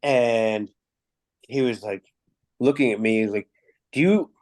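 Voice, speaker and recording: A man, a music promoter, telling animated backstage anecdotes in a casual interview, acting out dialogue and swearing freely. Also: fairly low pitch, measured pace.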